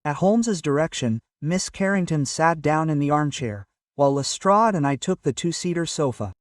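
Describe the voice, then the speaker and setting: A male storyteller reads a period detective tale with even, measured delivery. His voice sits slightly high and comes from a step away from the microphone, in a dry room with no echo. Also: recorded from a distance. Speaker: narrator. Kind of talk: scripted audiobook narration.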